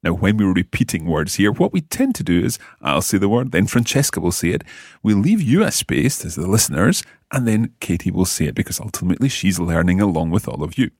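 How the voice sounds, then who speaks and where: A man's voice: sits low, big pitch swings, brisk, a little mellow, husky, dry recording, clean studio sound. A man hosting a language-lesson podcast as the teacher, with an enthusiastic, teacherly delivery.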